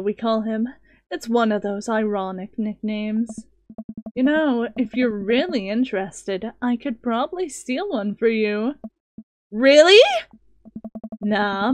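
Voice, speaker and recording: A woman voicing a dry-witted, sarcastic woman who works at a dog shelter in a dating game, speaking in a flat, deadpan way. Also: on the high side, no echo.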